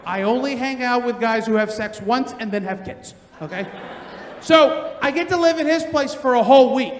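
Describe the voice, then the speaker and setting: Comic in his 30s, very high voice, animated storyteller, roomy theater reverb, faint room noise. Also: moderate pace. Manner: animated storytelling, shouting punchlines. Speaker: stand-up comedian. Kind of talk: stand-up set. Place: large theater on stage. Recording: echoey theater with long reverb. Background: audience laughter.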